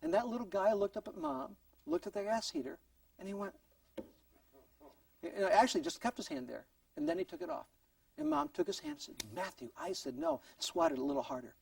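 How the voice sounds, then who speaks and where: A man's voice: extremely high pitch, very animated, a little fast, vocal fry, slightly rough, no room sound, far from the mic. A man teaching a parenting class in an earnest tone, acting out short exchanges between parents and children. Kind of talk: recorded parenting class lecture.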